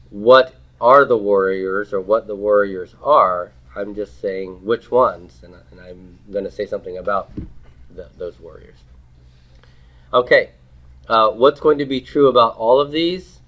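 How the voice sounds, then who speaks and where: A man teaching a grammar class, asking students questions, repeating their answers and leading them in saying words aloud. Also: on the low side. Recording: slightly dull lo-fi classroom recording.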